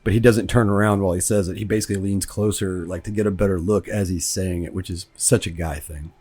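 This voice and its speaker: A man's voice: sits low, steady tone, quick pace, darkish tone, slightly rough. A man from Kentucky, a film director, talking through his movie in a rambling, conversational commentary. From Kentucky, United States. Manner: rambling, conversational, repeats words as he thinks.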